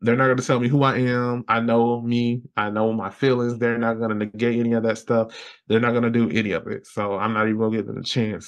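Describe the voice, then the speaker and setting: A young man, a podcast guest telling a personal story in an animated way, laughing often and acting out his own past lines. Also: mid-range voice, fairly quick.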